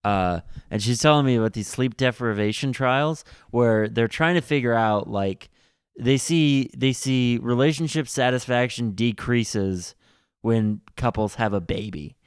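Brief: tipsy male host, smooth clear voice, dry close sound, loose and jokey. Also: medium pitch, a little slow, few pauses, no echo. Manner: loose, joking, laughing often. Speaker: podcast host. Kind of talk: casual chat.

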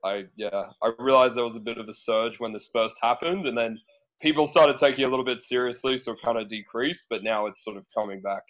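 Speaking quickly at medium pitch, a slightly bright-voiced Australian man guests on a podcast, casually chatting about his work as a dating profile coach. He's relaxed, swears, hedges and leans on fillers, all in dull lo-fi audio.

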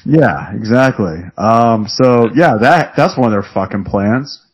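A man's voice: mid-range voice, animated, unhurried, breathy edge. A man co-hosting a podcast, bluntly and profanely recapping a movie in casual chat, laughing often. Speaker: podcast co-host.

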